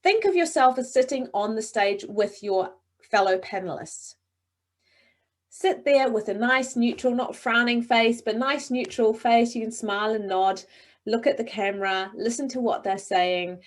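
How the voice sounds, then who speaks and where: A middle-aged woman with a slightly high voice leads a webinar session for speakers. She sounds encouraging and expressive. The sound is that of a video call. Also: a little slow. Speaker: presentation coach. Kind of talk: webinar coaching talk.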